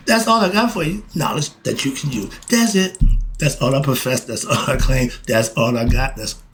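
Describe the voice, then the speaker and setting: A middle-aged man hosting a casual spiritual talk. He talks in a preachy, excitable way, asks himself questions and answers them, and swings between fired-up bursts and calmer stretches. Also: mid-range voice, moderate pace. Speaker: host.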